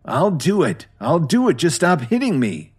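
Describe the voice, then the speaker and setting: A man's voice: fairly high pitch, very animated, takes it slowly, breathy edge, voice pushed up, exaggerated voice. A man voicing an arrogant male champion fighter who snarls and begs. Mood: begging. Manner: snarling, then begging.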